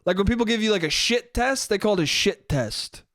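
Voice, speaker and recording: A young man with a high-pitched, animated, slightly bright voice talks a little fast in a studio-quality recording with no room sound. Hosting a solo podcast, he rambles, curses casually, mocks himself, and laughs often.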